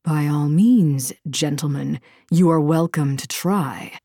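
A woman narrator voicing a stern, commanding noblewoman warrior in a lower, gruff, ominous voice. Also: slow, dark tone, no room sound, clean studio sound, exaggerated voice. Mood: menacing.

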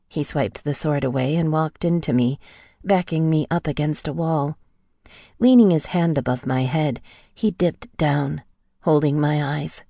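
A woman narrating a novel in the first person, with a steady storytelling read into a close mic. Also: sits low, unhurried, creaky, dry recording. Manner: even storytelling read, lightly acting out the heroine's lines. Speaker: audiobook narrator.

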